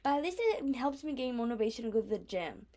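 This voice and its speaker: A young woman in her twenties talks through a solo podcast episode with a slightly raised pitch. She rambles casually, leaning on fillers as her thoughts spill out. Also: big pitch swings, fast, dark tone. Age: 20s. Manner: rambling, filler-heavy, chatty. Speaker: podcast host.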